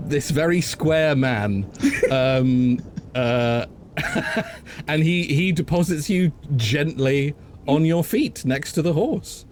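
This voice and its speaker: Slow, halting British game master. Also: male voice, a little high, slight background noise. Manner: unhurried, halting narration with many fillers. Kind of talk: narrating a tabletop game.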